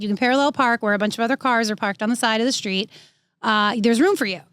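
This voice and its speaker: A woman co-hosts a podcast and tells a casual story with animated energy, acting out the people in it. Her voice sits a touch high. The sound is dry and close, with no room echo. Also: quick pace, smooth. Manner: animated, acts out quoted people. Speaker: podcast co-host.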